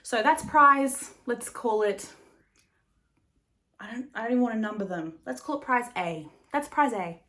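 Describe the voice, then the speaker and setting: A woman's voice: fairly high pitch, normal speed, pushed and bright. A woman hosting a knitting podcast in a casual, rambling chat, laughing often and swearing now and then. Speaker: podcast host.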